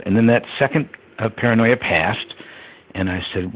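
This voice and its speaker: Older guy reminiscing in an interview, deep raspy voice, kinda muffled sound. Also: moderate pace. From United States. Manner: reflective, with many ums and soft laughs. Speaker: interview guest. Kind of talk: storytelling in conversation. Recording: dull lo-fi sound.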